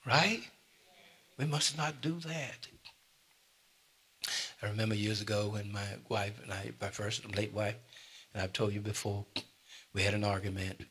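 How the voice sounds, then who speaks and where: Older male pastor, husky edge, sermon delivery with sudden loud emphasis. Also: lowish voice, fairly even intonation, measured pace, pauses often. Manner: preaching with sudden loud emphasis and asides to the congregation. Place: church.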